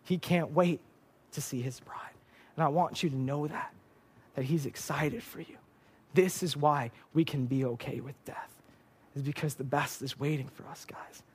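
A man's voice: a little high, fairly even intonation, normal speed, slightly rough. A young man preaching a sermon from a church stage, earnest and emotional, often repeating words as he is moved.

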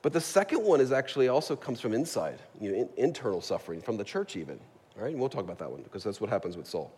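In a church sanctuary, a male pastor delivers a joking, conversational sermon, frequently asking his congregation "right?" His fairly low voice is darkish and sing-song, coming out rapid-fire, with a little hiss or hum. The hall adds a long reverb.

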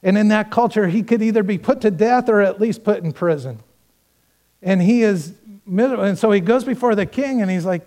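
High-voiced pastor preaching a sermon. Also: male voice, a little fast. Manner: storytelling with acted-out dialogue, swinging between loud and hushed; earnest, direct address to the congregation.

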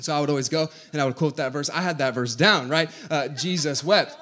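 A man preaching a sermon, moving between quiet conversational teaching and loud, rising exhortation. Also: a little high, fast.

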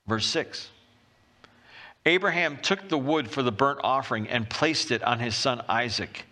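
A man's voice: mid-range voice, unhurried, pushed and bright. A man preaching a sermon, retelling a story animatedly and acting out the characters' voices. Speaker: pastor.

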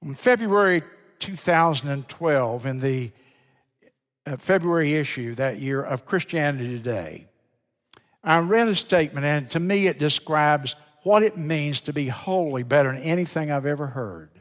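A man with a Southern American accent preaching a sermon as pastor, swinging between loud emphasis and hushed lines. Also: a little high, normal speed. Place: church sanctuary. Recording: church hall with long reverb.

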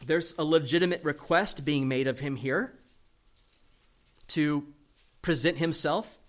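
A man preaching a sermon, reading scripture aloud and explaining it in an animated way, dropping quiet for emphasis. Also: fairly high pitch, a little slow.

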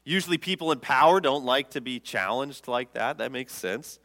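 A man's voice: mid-range voice, moderate pace, big-room sound. A man preaching a sermon as pastor, telling the story with humor and acting out the quotes. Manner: lively storytelling, jokes and acts out quotes.

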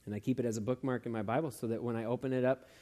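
A man preaching a sermon who tells stories in an animated way, with many fillers and restarts. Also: mid-range voice, racing.

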